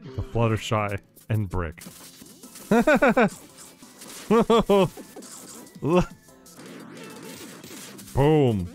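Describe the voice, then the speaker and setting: A man giving casual live commentary while streaming a game, excitable and quick to laugh, swearing often and reacting loudly to surprises. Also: on the high side, faint music behind. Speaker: streamer playing a modded platform game.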